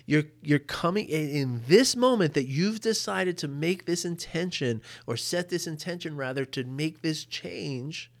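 A man's voice: a little high, expressive, measured pace, vocal fry, hardly any pauses. A man giving a casual mindfulness lesson, chatty and prone to laughing, often tagging his points with "you know" and "right?". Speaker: mindfulness teacher. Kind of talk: casual teaching talk. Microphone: boom mic.

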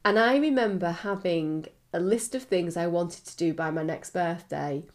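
This podcast co-host is a woman with a lowish voice who speaks at a normal speed. She sounds nasal and congested from a cold as she chats casually and candidly, giggling often and using plenty of fillers.

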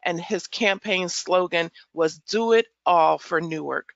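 A woman's voice: on the low side, a little slow, gravelly, no echo, highs cut off. A woman hosting a podcast interview, introducing her guest with enthusiasm. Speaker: podcast host.

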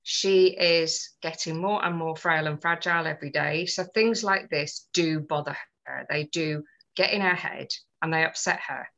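A woman's voice: sits low, normal speed, a bit bright, low-quality recording. A woman on a podcast, telling a personal story in earnest, detailed casual chat. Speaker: podcast co-host.

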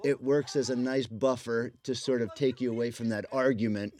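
A man joining a casual film commentary, who speaks in a thoughtful, measured way with hesitant fillers. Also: mid-range voice, steady tone, darkish tone. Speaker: actor on a commentary track.

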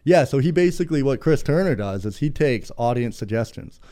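Male podcast co-host, excitable storyteller, mellow tone, loose casual delivery. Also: mid-range voice, fairly quick. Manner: excitable storyteller, heavy use of "like" and "dude". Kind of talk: casual chat.

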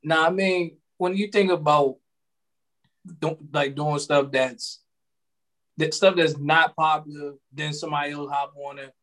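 Young man, somewhat high voice, casual slangy chat. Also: a little slow. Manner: relaxed slangy talk, fillers like "bro" and "like".

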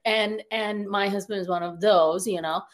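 A woman therapist in her thirties chats on a podcast at an ordinary middle pitch. She talks in loose, looping sentences full of fillers and self-corrections, thinking out loud as she goes. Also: steady tone, normal speed. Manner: chatty, many fillers and restarts. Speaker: podcast guest, therapist and coach. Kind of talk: casual conversational interview.

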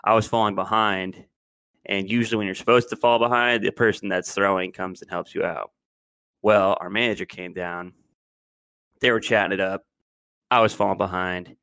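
A man's voice: sits low, steady tone, normal speed, sharp tone, clear, resonant tone, no room sound. A man in his twenties telling a long story in casual podcast chat, rambling and loose. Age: 20s. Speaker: podcast co-host.

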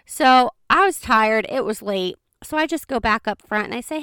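A woman telling a personal story in a chatty, expressive way, speeding up in quick bursts. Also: on the high side, clean tone, dry recording, studio quality. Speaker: vlogger. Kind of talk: casual storytime.

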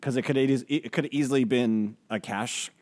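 A man co-hosting a podcast speaks a little fast in a medium-pitched voice with a darkish tone. His casual chat is hesitant and full of fillers.

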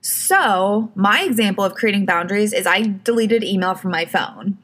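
A woman's voice: mid-range voice, expressive, moderate pace, fairly bright tone. A woman hosting her own podcast, giving casual advice in a chatty way, full of "like" and "you know". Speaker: podcast host.

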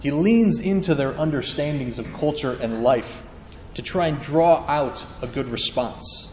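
A man's voice: fairly high pitch, a little slow, a little mellow, a little hiss or hum. A man preaching a sermon, earnest and emphatic, acting out quotes as he teaches. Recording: echoey hall with long reverb.

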